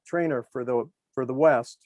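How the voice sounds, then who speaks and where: This is a man in his sixties who trained pro athletes. He tells loose, rambling stories full of fillers and restarts. His voice sits at an ordinary pitch and sounds dry and close. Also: normal speed, a little mellow, no room sound. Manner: rambling anecdotes with many fillers. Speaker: guest, former sports trainer. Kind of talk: storytelling interview.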